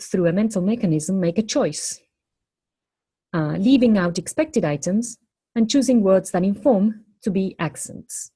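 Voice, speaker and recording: A woman lecturing on phonology, explaining step by step in a measured way and posing questions to the class. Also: mid-range voice, dark tone, husky.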